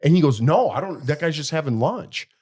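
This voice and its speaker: This podcast co-host is a middle-aged man whose voice is a little high and a little fast. Chatting casually, he spins a story with animation and performs the voices of the people he quotes.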